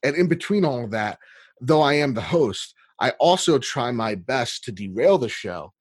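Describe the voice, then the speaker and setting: A man talking casually as a guest on a gaming podcast, animated and swearing freely, laughing easily. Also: medium pitch, normal speed, breathy edge, dry recording, studio quality.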